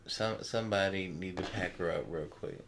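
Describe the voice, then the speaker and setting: A man's voice: sits low, normal speed, fairly bright tone, a little hiss or hum. A man co-hosting a reaction video, adding short, dry remarks in casual commentary. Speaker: co-host.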